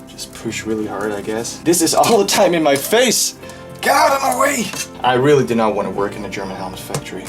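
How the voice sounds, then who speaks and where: Man muttering through a fiddly repair job. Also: fairly low pitch. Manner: muttering and sighing while straining at a task. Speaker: vlogger restoring a helmet. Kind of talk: hands-on restoration commentary. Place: hot room indoors. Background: background music.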